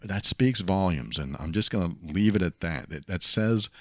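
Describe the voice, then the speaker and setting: A man's voice: sits low, animated, moderate pace, no room sound, studio quality. A man hosting a solo podcast, talking earnestly and reflectively, often repeating his key phrases. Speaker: podcast host.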